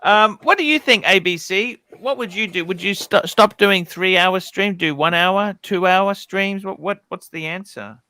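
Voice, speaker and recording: A man's voice: sits high, unhurried, hardly any pauses, sharp tone, no room sound. A man hosting a casual livestream, chatting with his guests, asking them questions and swearing freely. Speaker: livestream host.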